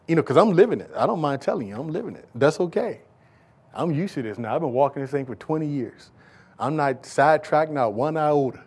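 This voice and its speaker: A man preaching a sermon, moving from quiet, conversational asides to loud, shouted exhortation, with casual folksy remarks. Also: mid-range voice. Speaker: pastor.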